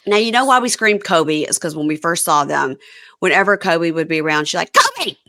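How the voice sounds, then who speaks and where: A woman's voice: low-pitched, brisk, a bit bright. A woman hosting a podcast, chatting casually and rambling through a recap with frequent laughs. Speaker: podcast host.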